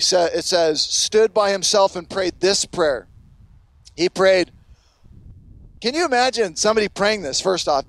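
High-voiced pastor preaching with dry sound. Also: male voice, no echo. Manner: earnest, acts out self-righteous prayers. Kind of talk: sermon.

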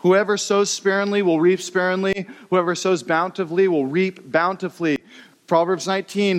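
A male pastor preaching in a lively, conversational style, slipping into the voices of the people in his stories. His voice sits a little above the usual male range. A long hall reverb trails after his words. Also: sits high, moderate pace. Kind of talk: sermon.

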